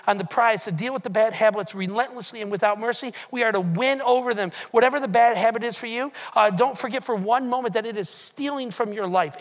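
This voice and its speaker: Man preaching, really high voice, keeps hammering the same point, big hall echo trailing off. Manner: emphatic, repetitive preaching with rising and falling intensity. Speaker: pastor. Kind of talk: sermon. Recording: long hall reverb.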